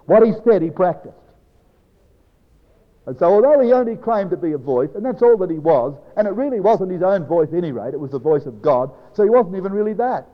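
A man preaching a Bible exposition to a congregation, slow and emphatic, dropping low and soft on key phrases. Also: lively intonation. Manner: addresses congregation as brethren and sisters. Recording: dull lo-fi recording with long hall reverb.

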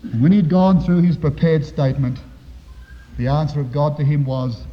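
A man preaching a sermon to his congregation, with dramatic, swelling emphasis and slow, drawn-out phrases. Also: a little high, a little hiss or hum. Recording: dull echoey hall recording.

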